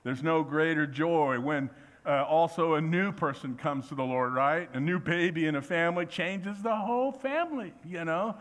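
Male pastor preaching in church; animated, plays out quotes, voice a bit high. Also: normal speed. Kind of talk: sermon.

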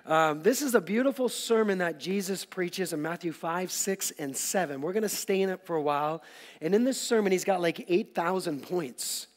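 Energetic high-voiced man preaching. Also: normal speed. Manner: energetic, joking asides to the congregation. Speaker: pastor. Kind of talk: sermon. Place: large church auditorium. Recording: long hall reverb.

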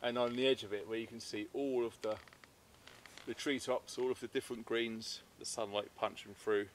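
A man's voice: medium pitch, fairly even intonation, normal speed, a little hiss or hum. A British man hosting an outdoors channel, chatting casually and laughing while relaxing in a hammock in the woods. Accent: British English. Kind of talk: casual chat to camera.

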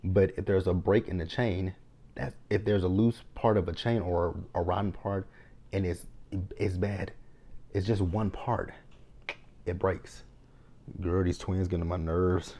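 Deep warm-voiced guy reviewing a reality show, blunt and fed up, swears a lot. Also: fairly even intonation, measured pace, long pauses. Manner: exasperated, blunt and profane, retelling scenes with asides. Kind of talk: casual video review commentary.

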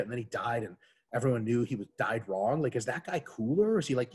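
An energetic man riffs as a podcast guest, cursing freely and joking around. His voice is a little husky, and his pitch swings widely as he talks. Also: a little fast. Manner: animated, profane, jokey. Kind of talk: casual podcast chat.

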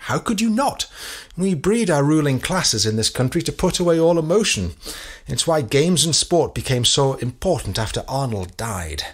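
A man reads the part of a middle-aged English detective who presses his questions in a cool, measured way. The voice is slightly husky and the pitch moves about lively as he builds his case. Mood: cold.

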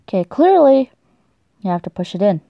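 Young woman, gaming commentary, excitable, swears a lot, dull lo-fi sound. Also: medium pitch, normal speed, creaky, dry recording. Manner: excitable, swears a lot, shrieks when startled. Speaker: gaming YouTuber. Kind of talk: let's play commentary.

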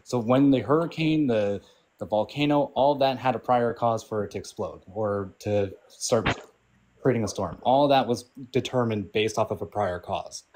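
A man's voice: on the low side, normal speed, a little mellow. Man explaining over a noisy clicking line. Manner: patient explaining, keeps asking "right?". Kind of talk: casual debate chat.

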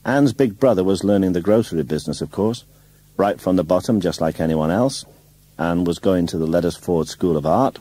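A man narrating a literary novel in the first person, in a measured, wry way. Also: low-pitched, mellow, husky, no echo. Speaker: audiobook narrator.

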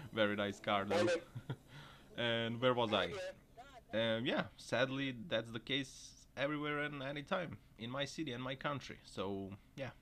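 A man's voice: medium pitch, a bit bright. A man doing joking reaction commentary on driving clips, laughing often between remarks. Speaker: video commentator. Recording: noisy recording.

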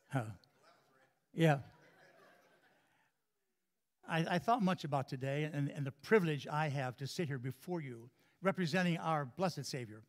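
A man preaching as a guest speaker to a congregation, telling a joke story in a folksy way and often repeating his words. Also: fairly high pitch. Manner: folksy storyteller, repeats and restarts words, chuckles at own jokes. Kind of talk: sermon with a humorous story. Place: church before a congregation.

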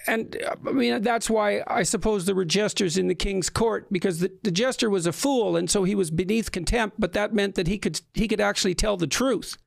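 A man hosting an interview conversation, speaking haltingly and repeating words as he thinks. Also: sits high, creaky, no echo, clean studio sound. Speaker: podcast host.

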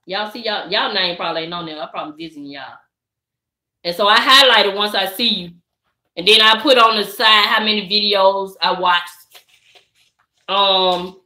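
A woman with a mid-range, sharp-toned voice hosts a casual live stream as a vlogger. Easygoing and a bit preachy, she refers to her audience as "baby" and "y'all." The recording has room echo.

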